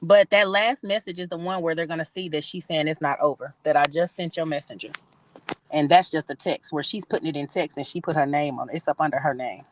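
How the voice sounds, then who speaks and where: A woman's voice: low voice, steady tone, brisk. A woman joining a live stream as a guest, explaining things in a matter-of-fact way. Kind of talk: casual live-stream chat.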